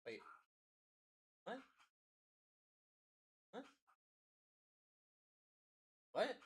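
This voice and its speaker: A man hosts a live card-break stream with a high, bright voice. He keeps up a fast, hyped sales patter and talks straight to chat as he calls out players. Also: animated. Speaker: card break livestream host.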